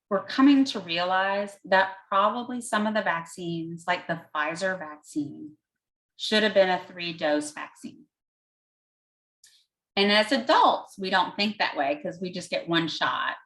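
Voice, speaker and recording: Taking questions from an audience, a woman doctor thinks aloud with the odd "um," walking through answers plainly and using everyday comparisons. Her voice sits on the low side with a bit of brightness, and the audio quality is poor.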